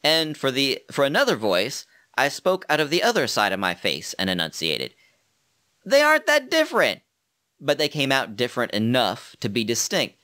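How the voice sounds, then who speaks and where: A man explains his approach to audiobook narration in a relaxed how-to talk. His voice is bright and forward, and his delivery is earnest and unassuming, as if he is working things out while he speaks. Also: medium pitch, normal speed, hardly any pauses. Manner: earnest and modest, thinking aloud.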